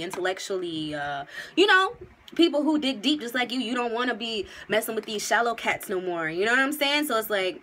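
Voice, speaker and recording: A woman's voice: medium pitch, pushed and bright, a little hiss or hum, rough recording. A woman giving a casual tarot reading to her viewers, slangy and emphatic as she talks to them directly, and at times moved close to tears. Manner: gets emotional, near tears. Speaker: tarot reader.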